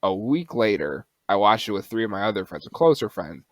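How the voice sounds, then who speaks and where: Low-voiced man, swearing, animated podcast chat. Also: brisk, no echo. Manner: animated, swears freely, laughs often. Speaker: podcast co-host. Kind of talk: casual chat.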